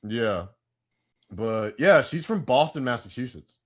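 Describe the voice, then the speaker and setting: A man co-hosting a casual pop-culture podcast, chatty and prone to loud bursts of hype. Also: medium pitch, animated, measured pace. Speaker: podcast co-host.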